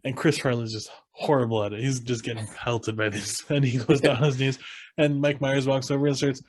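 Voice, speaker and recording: A man's voice: mid-range voice, steady tone, a little fast, darkish tone, no room sound. A young adult man co-hosting a podcast, easygoing and agreeable, chiming in often. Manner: easygoing, agreeing, short backchannels. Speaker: podcast co-host. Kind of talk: casual chat.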